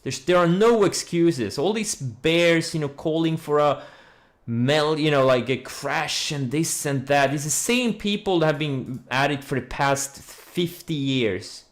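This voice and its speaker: A man's voice: fairly high pitch, expressive, unhurried. A man hosting a casual trading livestream, talking bluntly and rambling, answering viewer questions as he goes. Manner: blunt, rambling, with frequent "you know" and "like"; reads viewer questions aloud and answers them. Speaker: stock trading streamer.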